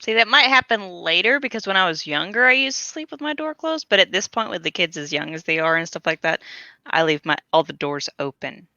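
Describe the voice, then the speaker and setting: Bright, lively woman in a dry room. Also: lowish voice, fairly quick, dry recording, highs cut off. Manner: animated and upbeat, acts out what she says. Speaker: podcast co-host, mother. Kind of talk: casual chat.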